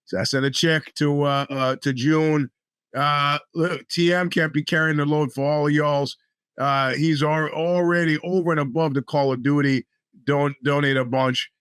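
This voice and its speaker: A man's voice: a little high, steady tone, moderate pace, fairly bright tone, clean tone, no echo. A man hosting his podcast in casual, rambling talk with wry, profane asides, his speech a bit off from a bitten tongue. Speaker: podcast host.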